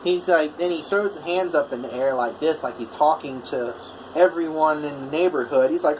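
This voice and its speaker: A man's voice: fairly high pitch, normal speed, darkish tone, a little hiss or hum, low-quality recording. A man, a welder, casually telling a story in a vlog, rambling with lots of fillers and restarts. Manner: rambling, full of "you know" and "I was like".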